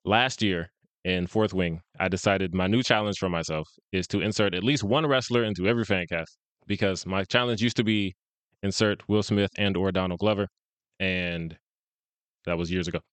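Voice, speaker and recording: A man's voice: deep voice, moderate pace, a bit bright, clear, resonant tone, dry recording. A man co-hosting a podcast, chatting casually about fan casting and laughing often. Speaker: podcast co-host.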